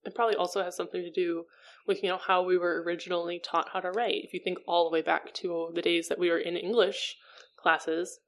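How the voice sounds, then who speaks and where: A woman chatting casually as a podcast co-host, playful and a little rambling. Her voice sits lowish and crackles with heavy vocal fry. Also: little pitch movement, a little fast. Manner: chatty, playful, uses lots of "kind of" and "um". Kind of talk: casual chat.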